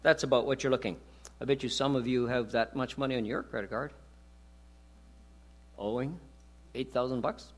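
A man's voice: mid-range voice, moderate pace, long pauses. A man preaching a sermon as pastor, talking conversationally with rhetorical questions and jokes.

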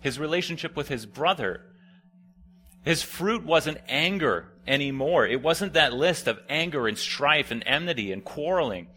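A young man giving a sermon, telling a camp story in a conversational way and dropping quiet when he quotes people. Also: fairly high pitch, lively intonation, moderate pace. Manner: conversational, drops to quiet near-whispers for quoted lines. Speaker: preacher.

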